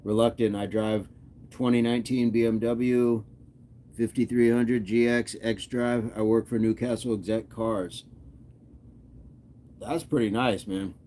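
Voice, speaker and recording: A man's voice: medium pitch, steady tone, unhurried, long pauses, a little mellow. A man hosting a fitness livestream, casually reading viewers' comments aloud and chatting back with an easygoing, laughing manner.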